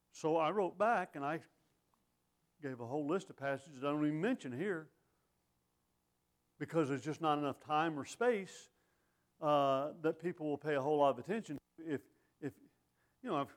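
Man, preacher, sermon, middle-aged, folksy asides, conversational, rhetorical questions, fairly high pitch. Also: lively intonation, normal speed, long pauses.

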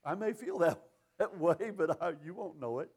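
A man's voice: fairly high pitch, lively intonation, normal speed, darkish tone, slightly rough. A man preaching a sermon in a folksy, emphatic way, quoting scripture.

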